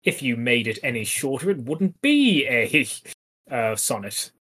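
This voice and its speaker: A man's voice: medium pitch, big pitch swings, unhurried, a bit bright, husky. A man co-hosting a casual podcast chat about poetry, explaining things with dry humour. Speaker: podcast co-host.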